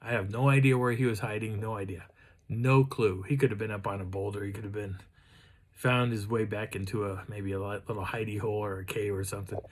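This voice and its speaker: A man with a husky, slightly breathy voice pitched on the low side. He tells a casual story to the camera and wanders as he goes, often restarting sentences and filling gaps with ums and uhs. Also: steady tone, a little fast. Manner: rambling, with frequent restarts and fillers. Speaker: channel host.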